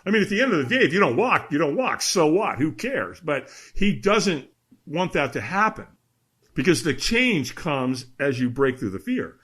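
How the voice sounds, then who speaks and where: Lively, bright-voiced storytelling man. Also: on the high side, moderate pace, breathy edge. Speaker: podcast guest. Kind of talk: animated storytelling.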